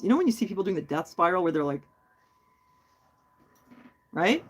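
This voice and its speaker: A woman hosting a casual livestream, chatty and rambling as she answers her viewers. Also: on the low side. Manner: chatty and rambling, many fillers. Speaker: host.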